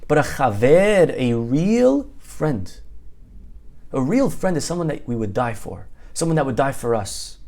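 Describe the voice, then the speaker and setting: A man teaching a Torah class as a rabbi, telling a story animatedly and asking rhetorical questions. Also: mid-range voice. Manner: animated, switches voices for story figures, asks rhetorical questions.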